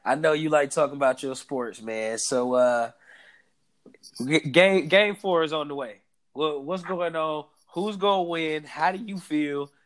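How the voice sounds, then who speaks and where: A man's voice: fairly high pitch, a little slow, fairly bright tone. A man co-hosting a casual podcast chat, laid-back and slangy, laughing often as he talks. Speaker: podcast co-host.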